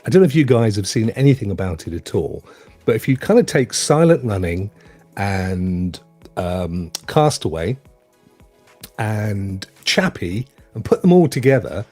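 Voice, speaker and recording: A middle-aged man hosting a casual podcast chat in a drawn-out, easygoing way. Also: on the low side, big pitch swings, darkish tone, faint music behind. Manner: chatty, drawn-out and easygoing, with fillers. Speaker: host.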